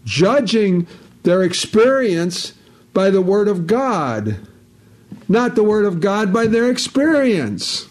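A man's voice: high-pitched, big pitch swings, takes it slowly. A man preaching a sermon, emphatic and repetitive, quoting scripture at length.

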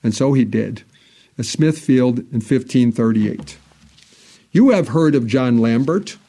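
Animated and dark-toned, this pastor preaches earnestly in church. Key phrases swell, while solemn passages drop low and slow.

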